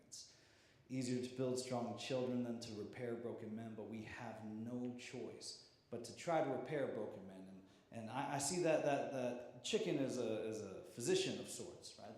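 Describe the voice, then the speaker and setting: A man's voice: mid-range voice, darkish tone. A male teacher telling a heartfelt personal story in a town hall speech, often repeating words as he talks. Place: large hall. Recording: echoey hall with long reverb.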